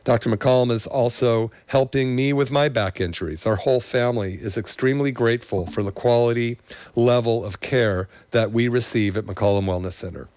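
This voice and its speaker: A man's voice: medium pitch, moderate pace, darkish tone, no echo. A middle-aged male chiropractor reading a patient's thank-you letter aloud, getting emotional, then telling the story behind it. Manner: emotional, choking up while reading; enthusiastic, promoting his practice.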